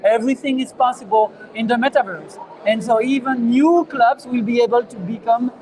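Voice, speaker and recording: French accent guy, high voice, explaining his startup, lots of uhs. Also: a little mellow, poor audio. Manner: earnest, halting with fillers and repeats. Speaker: startup founder, guest. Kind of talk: casual interview answers. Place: conference venue.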